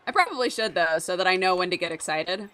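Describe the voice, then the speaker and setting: A woman playing against a friend in casual gameplay chat, with drawn-out reactions and short exclamations. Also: lowish voice, lively intonation, sharp tone. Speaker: opposing player.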